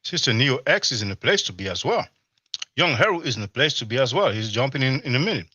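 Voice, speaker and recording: Bright-voiced man hosting a live chat. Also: mid-range voice, very animated, fast talker, breathy edge, no echo. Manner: loose, rambling, full of "you know". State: talking while eating. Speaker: live stream host. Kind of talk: casual live-stream chat with viewers. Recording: slightly dull lo-fi stream audio.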